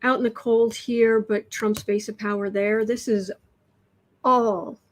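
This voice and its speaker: Woman, tarot livestream host, slightly high voice, rambling chatty delivery, faint background noise. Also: fairly even intonation, measured pace, low-quality recording. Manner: chatty, frequent restarts and repeated words. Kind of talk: casual livestream chat, reading out viewer comments.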